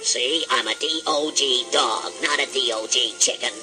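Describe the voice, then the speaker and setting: An actor playing a grumpy, sleepy dog who lectures slowly, in 1950s children's record acting with music behind. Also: male voice, mid-range voice, natural voice. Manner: slow, grumbling, lecturing.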